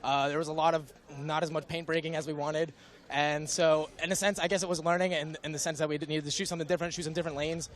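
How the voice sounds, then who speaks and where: A young male player talking fast and in a slightly high voice after a match. He answers casually, halting and restarting with fillers. He is interviewed outdoors by the field. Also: little pitch movement, fairly bright tone.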